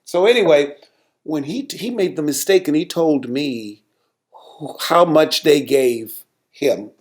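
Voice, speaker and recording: Pastor guy telling a story, kinda high voice, gets worked up, repeats himself a lot. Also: slow pace. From United States. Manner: animated, repeats words, rises sharply when telling of anger. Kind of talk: storytelling sermon talk.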